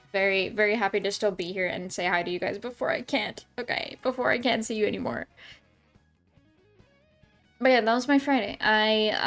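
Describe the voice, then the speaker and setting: A woman streamer chatting casually with her viewers at home, rambling with lots of ums and restarts. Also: a little high. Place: home room.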